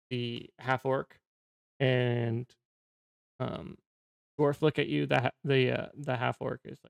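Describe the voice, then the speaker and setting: A man's voice: mid-range voice, vocal fry, clear, resonant tone, dry recording. A man narrating a tabletop game as game master, casual and full of fillers and restarts. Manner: casual, filler-heavy, halting.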